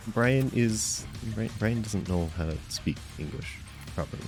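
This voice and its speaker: A man with a deep, low voice commentates a live game stream, chatting with his viewers. He is playful and mock-offended, stumbling over his words in quick restarts. Soft music plays faintly behind him. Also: expressive.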